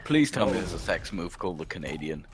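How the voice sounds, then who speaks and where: A man chatting on a stream whose pitch swings wildly from word to word. He tosses off dry, disbelieving remarks and the occasional curse. A faint hum sits behind him. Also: sing-song, quick pace. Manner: wry, incredulous, swearing. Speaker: co-streamer guest. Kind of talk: casual gaming stream chat.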